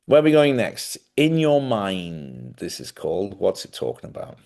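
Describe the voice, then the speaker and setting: A man's voice: mid-range voice, a little slow, vocal fry, darkish tone. A middle-aged man hosting a live stream, telling rambling stories in casual chat. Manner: rambling anecdotal storytelling.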